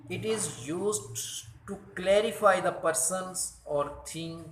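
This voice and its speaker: A man teaching a grammar lesson from slides, speaking deliberately and correcting his own slips. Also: high-pitched, echoey room, a little hiss or hum. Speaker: English teacher.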